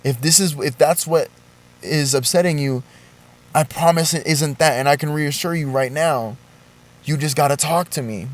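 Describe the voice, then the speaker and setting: A man's voice: a little high, normal speed, close to an everyday voice. A man putting on the voice of an anxious young woman who pleads and keeps repeating herself. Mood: pleading. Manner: insistent, repeating and reassuring.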